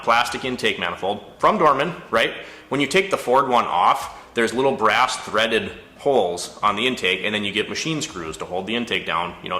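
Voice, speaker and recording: A man rants in casual talk about a job that went wrong, and he sounds exasperated as he tells it. His voice is bright and forceful. The room around him is echoey. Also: on the low side. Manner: exasperated, storytelling, animated retelling. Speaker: auto mechanic and shop owner. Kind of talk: casual ranting monologue.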